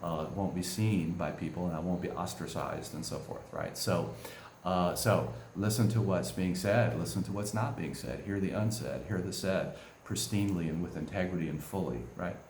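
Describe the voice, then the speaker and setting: Deep-voiced man teaching, echoey room. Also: normal speed, darkish tone, slight background noise. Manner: conversational, keeps asking "right?". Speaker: coach. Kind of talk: spoken teaching talk.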